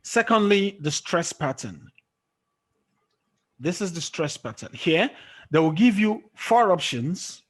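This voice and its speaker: A man's voice: sits high, very animated, slow pace, pauses often. A man teaching an online English lesson, patient and quizzing students, often checking with "okay?". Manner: patient, checks understanding with frequent "okay?" and quiz questions. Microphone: screen-sharing call or recording.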